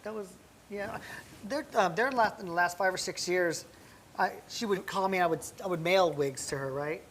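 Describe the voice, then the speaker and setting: A man guest telling chatty, animated stories in a casual conversation, full of fillers and restarts. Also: sits high, normal speed, slight background noise. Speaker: guest, celebrity hairdresser.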